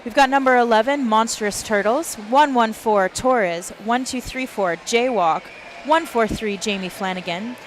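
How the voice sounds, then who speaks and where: A woman announcing a roller derby bout live, briskly calling penalties, lead jammers and the player lineup. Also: a little high. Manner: brisk, reels off player numbers and names. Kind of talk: live play-by-play commentary. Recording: noisy venue background.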